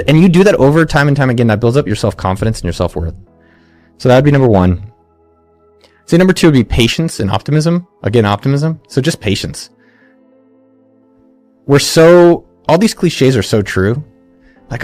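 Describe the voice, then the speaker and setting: A man in his forties, an entrepreneur giving energetic motivational advice in an interview, often restarting and acting out quotes. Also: mid-range voice, brisk, dry recording, soft background music. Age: 40s. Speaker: entrepreneur guest.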